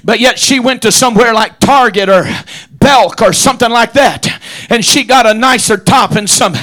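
A man preaching a sermon in a rhythmic, shouted cadence, with an "uh" before each phrase and frequent amens. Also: extremely high pitch, normal speed. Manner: frequent "amen" interjections.

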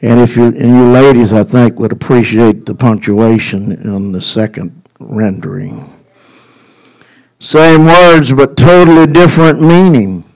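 A man delivering a sermon in an unhurried, folksy manner. His lines build to a rising, emphatic cadence. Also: mid-range voice, darkish tone, poor audio. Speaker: preacher.

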